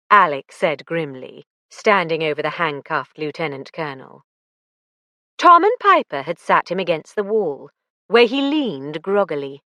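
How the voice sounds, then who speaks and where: A woman narrating a mystery audiobook in a dramatic, expressive reading. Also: low-pitched, a little slow, no echo, clean studio sound. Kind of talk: scripted narration.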